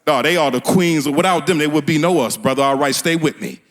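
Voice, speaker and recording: A man's voice: a little high, fairly bright tone. A man from doing a stand-up comedy set on a small theater stage, laughing at his own jokes and talking in loose street slang.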